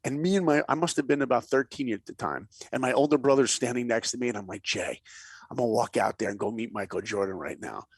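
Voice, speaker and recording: In this podcast interview, a guest who works as an animator and director tells animated stories, acting out quotes and lowering his voice to a whisper for emphasis. He speaks at a quick pace in a mid-range voice, with slight background noise.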